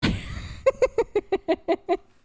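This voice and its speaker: A woman's voice: extremely slow, dark tone, no echo, studio quality. A young British woman streaming live, chatting casually and giggling as she greets her viewers. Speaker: VTuber streamer.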